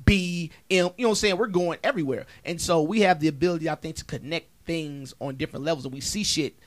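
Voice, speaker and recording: A man's voice: fairly high pitch, fast, dry recording. A man comedian chatting on a podcast, rambling and emphatic, swearing freely. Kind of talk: casual podcast chat.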